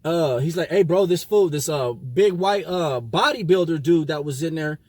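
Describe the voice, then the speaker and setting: A man with a high, husky voice tells a personal story in loose street slang. He swears freely and acts out every exchange. The room is dry and close. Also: normal speed, dry recording. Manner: animated, profane street slang, acts out quotes. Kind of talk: casual storytelling.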